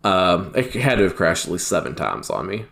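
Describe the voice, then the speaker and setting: A man with a low voice telling a story on a podcast in a casual, exasperated way. He talks through it plainly, with the odd laugh along the way. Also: big pitch swings, moderate pace, gravelly, fairly bright tone. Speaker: podcast co-host.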